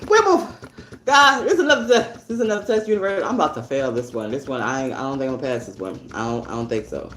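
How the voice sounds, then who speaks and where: A woman hosting a podcast, telling stories in a loose, slangy, laughing way that swings between loud and quiet. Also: very deep voice, animated, quick pace, slight background noise. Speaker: podcast host. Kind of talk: casual storytelling monologue. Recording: echoey room with faint ambience.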